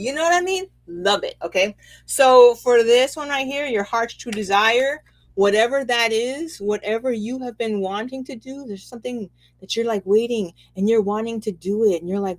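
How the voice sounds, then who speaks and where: A woman giving a casual, animated spiritual reading, chatty and quick to laugh, checking in with "okay?" often. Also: on the high side. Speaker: spiritual reader and host.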